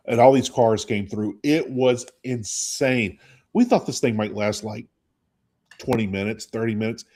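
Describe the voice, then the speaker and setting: A man co-hosting a radio show, telling casual stories and acting out the lines of the people in them. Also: medium pitch. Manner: animated storyteller acting out quotes. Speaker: radio co-host. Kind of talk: casual storytelling chat.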